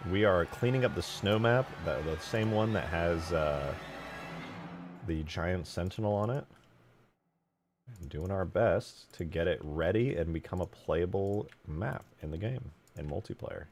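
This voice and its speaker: Deep-voiced joking male streamer. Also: animated, unhurried, a little hiss or hum. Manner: rambling, joking, swears freely. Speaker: livestream host. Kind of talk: casual livestream chat.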